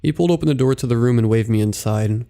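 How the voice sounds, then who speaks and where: A man narrating scary stories in a slow, even storytelling delivery. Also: medium pitch, creaky. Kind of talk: scripted horror story narration.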